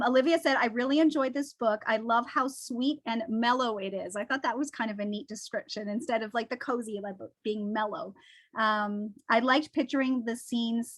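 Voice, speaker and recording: A woman librarian hosting an author interview over a video call, friendly and encouraging. Her voice sits a bit high, and the sound is dry and close. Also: a bit bright, no room sound. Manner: friendly, encouraging, reads aloud. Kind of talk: casual interview.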